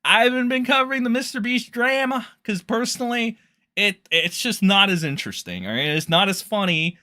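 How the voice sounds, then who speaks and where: Young guy ranting on stream, swears a ton, pitch bouncing all over, kinda high and bright. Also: lively intonation, brisk. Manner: rambling, crude, mocking, many fillers. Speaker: livestream commentary host. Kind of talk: profane casual livestream commentary.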